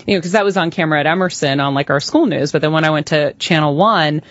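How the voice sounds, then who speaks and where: A woman's voice: deep voice, quick pace, no room sound. A woman from Massachusetts in her thirties, chatting as a guest on a radio show. She tells her stories with animation and slips into her younger self's voice. The sound is dry and slightly dull. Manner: animated storyteller, acts out her younger self. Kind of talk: casual radio chat.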